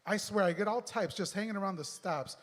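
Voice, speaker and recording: A man voicing a nosy, pushy bus driver who talks in rough slang and scolds, read aloud on stage with a long hall reverb. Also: high-pitched, fairly quick, voice pushed up, lightly acted.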